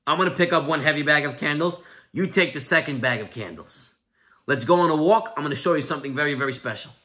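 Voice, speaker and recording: A man voicing a calm, wise grown son who quietly says he will show his father rather than tell him. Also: a little high, fast.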